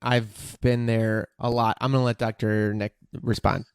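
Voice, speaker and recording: A smooth, dry-voiced male host. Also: medium pitch, little pitch movement, unhurried, dry recording. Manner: candid, emotional, joking. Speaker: podcast host. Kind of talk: casual podcast talk.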